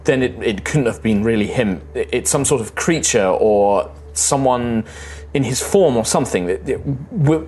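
A man's voice: medium pitch, animated, a little mellow, a little hiss or hum, close to an everyday voice. A man voicing a shaken young male prince who stammers and halts. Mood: disbelieving. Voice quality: stammering, halting.

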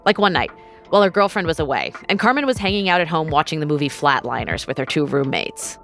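A woman's voice: low voice, lively intonation, fairly bright tone. A woman hosts and narrates a scripted podcast story, pacing it steadily. A faint music bed plays behind her voice. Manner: measured, storytelling delivery.

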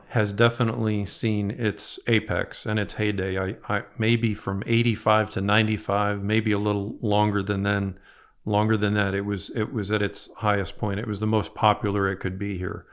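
A man's voice: fairly low pitch, little pitch movement, normal speed, clear, resonant tone. An older man telling rambling fishing stories in a casual interview, repeating his words as he goes. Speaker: fishing guide guest.

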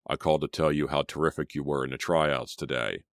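A man reading aloud, voicing a calm, deep-voiced teenage boy speaking slowly. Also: no echo, studio quality.

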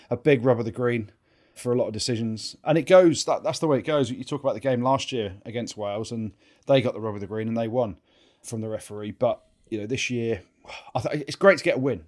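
Brief: English male podcast co-host, quick chatty delivery, mid pitch, salty anecdotes. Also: a little mellow. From England. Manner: chatty storyteller, swears freely. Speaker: co-host, former rugby player. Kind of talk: casual podcast chat.

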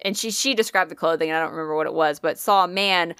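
A woman's voice: fairly low pitch, fast talker, a bit bright, smooth, no room sound, clean studio sound. A woman co-hosting a podcast, telling a ghost story in casual chat, swearing freely and using lots of fillers.

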